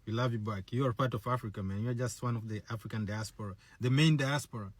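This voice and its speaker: Male, mid pitch, casual talk to the camera, repeats his phrases. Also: fast talker, husky, no echo. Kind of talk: direct-to-camera shout-out.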